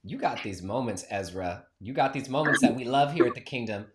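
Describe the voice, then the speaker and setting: A man's voice: medium pitch, lively intonation, a little fast, over a noisy crowd. A man hosting a podcast, enthusiastic and playful, speaking directly to his listeners. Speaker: podcast host. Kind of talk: casual podcast interview.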